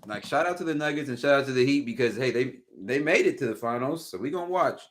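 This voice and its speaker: Animated, slangy podcast co-host man. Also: mid-range voice, fast. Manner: animated, slangy and profane, with repeated restarts. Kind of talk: casual podcast chat.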